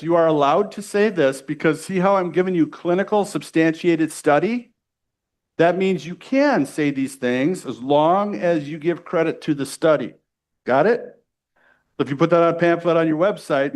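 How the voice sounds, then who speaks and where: A middle-aged man from the United States giving a live sales training to a room, energetic and pushy, often checking in with the audience. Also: a little high. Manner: energetic, salesy, keeps asking "right?".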